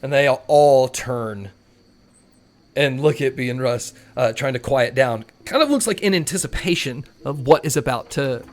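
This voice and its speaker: A man's voice: mid-range voice, expressive, moderate pace. A man narrating a tabletop game as game master, in loose, chatty narration full of filler words.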